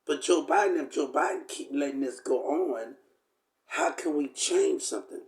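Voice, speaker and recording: A man's voice: on the high side, normal speed, a little mellow. Man preaching a rambling rant to viewers. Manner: preachy, repetitive, addresses viewers directly. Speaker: vlogger. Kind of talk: rambling direct-to-camera rant.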